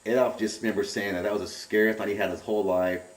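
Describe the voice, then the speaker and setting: A middle-aged man giving a rambling, animated personal account in an interview, often repeating his words. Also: fairly low pitch, quick pace. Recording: roomy and distant from the mic.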